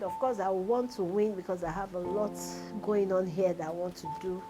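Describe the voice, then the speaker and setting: Nigerian woman in her forties, emotional confessional, soft music bed below her voice. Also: medium pitch, steady tone, normal speed, few pauses, low-quality recording. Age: 40s. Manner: tearful, pouring out hardship, repeating phrases. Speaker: reality show contestant.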